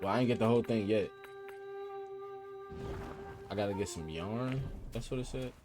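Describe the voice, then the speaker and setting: A man giving excitable gameplay commentary, yelping and repeating himself as he plays. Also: on the low side, moderate pace. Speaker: gaming streamer. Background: game music.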